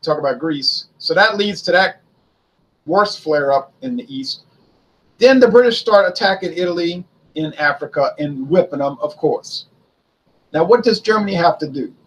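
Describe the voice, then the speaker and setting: A man hosts a history video, giving casual, conversational commentary and posing rhetorical questions he then answers himself. His voice is a little high and slightly rough, and the recording quality is low.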